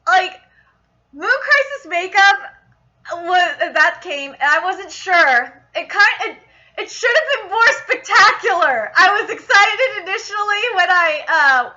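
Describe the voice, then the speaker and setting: Excitable, swearing young woman reviewer. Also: very high-pitched, a little slow, lo-fi sound. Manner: excitable, swears often, exasperated rants. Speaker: anime reviewer. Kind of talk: casual vlog review.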